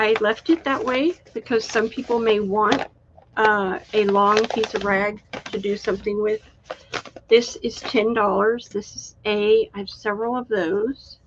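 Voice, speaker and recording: A woman hosting a live-stream craft sale, chatty and unhurried, admiring each item as she shows it. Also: mid-range voice, lo-fi sound, noisy background. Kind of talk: live-stream sales chat.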